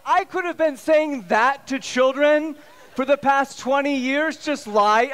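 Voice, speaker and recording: A man in his thirties doing stand-up comedy, telling stories in an animated way and acting out the voices of the people in them. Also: very high-pitched, measured pace. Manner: animated, acts out quoted voices.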